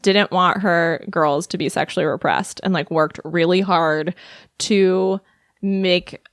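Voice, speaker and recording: A woman's voice: lowish voice, steady tone, slow, dry recording, clean studio sound. A young adult woman comedian, a podcast guest, telling stories in a loose, chatty way with lots of fillers. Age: 20s to 30s. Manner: chatty storytelling with many fillers and laughs. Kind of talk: casual podcast interview.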